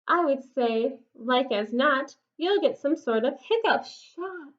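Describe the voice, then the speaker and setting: A woman voicing a sensible mother bear who gives brisk rhyming instructions in a storybook read-aloud. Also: high voice, expressive, muffled recording.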